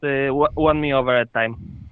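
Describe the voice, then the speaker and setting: A man's voice: medium pitch, fairly even intonation, clean tone. Hesitant man on a tinny call line. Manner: hesitant, many "uh" pauses. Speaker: podcast co-host. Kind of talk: casual podcast chat.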